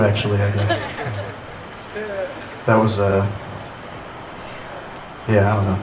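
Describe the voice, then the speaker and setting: A man giving a halting, informal eulogy at an outdoor memorial, full of pauses and dry jokes. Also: fairly low pitch, completely flat delivery, crowd noise. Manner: hesitant, many "uh" fillers, dry humor. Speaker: memorial speaker. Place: outdoor gazebo. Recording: echoey, distant, noisy.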